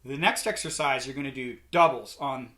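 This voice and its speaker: A man's voice: mid-range voice, normal speed. A man giving a drum lesson, explaining rudiments and calling out counts while he plays. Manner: calls out counts and rudiment names loudly over drumming. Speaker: drum instructor. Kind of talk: instructional lesson, counting along while playing. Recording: loud drumming behind the voice.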